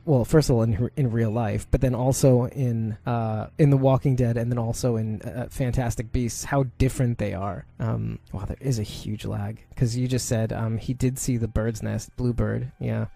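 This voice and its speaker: A man's voice: mid-range voice, steady tone, normal speed, gravelly, hardly any pauses, mellow. A man from Brooklyn, hosting a podcast in a rambling, casual live-stream chat full of fillers and laughs. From Brooklyn, New York. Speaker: podcast host.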